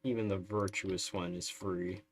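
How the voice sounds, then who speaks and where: A man's voice: deep voice, steady tone, unhurried, a little hiss or hum. A man streaming a strategy game live, chatting through it in a wry, sarcastic way. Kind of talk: live gameplay commentary.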